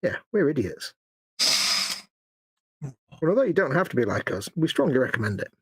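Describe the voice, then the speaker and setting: A man's voice: mid-range voice, big pitch swings, normal speed, husky, no room sound. A British man co-hosting a live painting stream, bantering with jokes, teasing and cheeky asides. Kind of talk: casual banter while painting.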